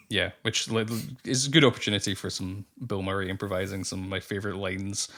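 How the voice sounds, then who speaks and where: A man's voice: low voice, steady tone, a little fast, a bit bright. A man co-hosting a casual film podcast, laughing often and stopping to restart his sentences. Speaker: podcast co-host.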